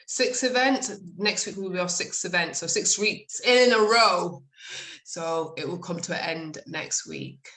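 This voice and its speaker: A woman hosting an online talk over a video call, chatty and relaxed, with many fillers and little laughs. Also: fairly low pitch. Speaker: host of an online jewellers' network talk. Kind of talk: casual video-call chat.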